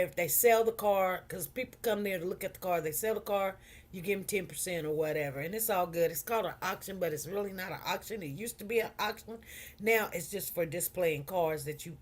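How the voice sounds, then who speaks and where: A middle-aged woman with a Chicago accent chatting casually to her livestream viewers, repeating herself and talking straight to the audience. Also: fairly low pitch. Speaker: livestream host.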